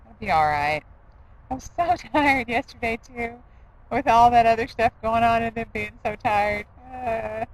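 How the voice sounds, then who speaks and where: A woman's voice: a little high, a little hiss or hum, poor audio. A middle-aged woman rambling in a casual vlog, self-deprecating with laughing asides. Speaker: diet vlogger.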